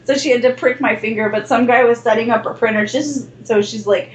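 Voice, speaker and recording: A woman in casual chat, telling a story with lively swearing and acted-out quotes. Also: fairly high pitch, fairly quick, highs cut off. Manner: animated, swears freely, acts out quotes. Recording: echoey room with faint noise.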